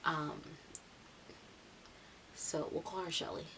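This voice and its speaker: A young woman vlogger telling a casual storytime story in a chatty, lively way, acting out what others said. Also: deep voice, takes it slowly. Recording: distant mic with steady hiss.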